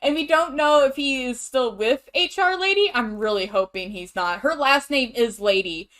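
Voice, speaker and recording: A woman's voice: high voice, lively intonation, moderate pace, a bit bright. A young woman co-hosting a podcast, talking casually and animatedly, laughing often and acting out quotes. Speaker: podcast co-host. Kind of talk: casual chat.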